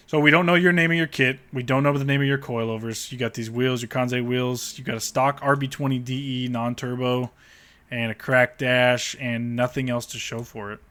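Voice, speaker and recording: A man with a bright, forceful voice tears into car listings in a blunt, sarcastic rant. He swears freely and mocks what he reads, talking like a car channel host reacting on camera. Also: medium pitch. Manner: blunt, profane, sarcastic ranting. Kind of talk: ranting commentary on car listings.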